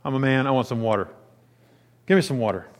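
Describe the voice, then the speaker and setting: A man's voice: medium pitch, fast talker, natural voice. A man voicing a thirsty traveler who bluntly demands water, in a sermon.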